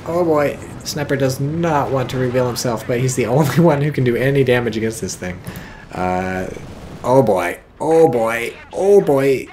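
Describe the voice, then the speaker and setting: A man casting a strategy game replay in casual commentary, excitable, swearing freely and exclaiming often. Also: mid-range voice, moderate pace, slight background noise.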